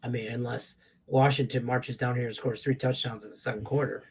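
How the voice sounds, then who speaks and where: A man hosting a live sports betting show, reacting to the game with profane, excitable commentary that swings from loud rants to low mutters. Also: fairly quick, slightly rough.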